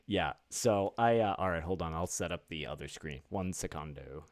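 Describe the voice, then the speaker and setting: A man's voice: low voice, dry recording. A tipsy man hosting a podcast, rambling and swearing as he sets up his stream in casual chat. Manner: rambling, swearing, halting restarts. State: drunk. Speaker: podcast host.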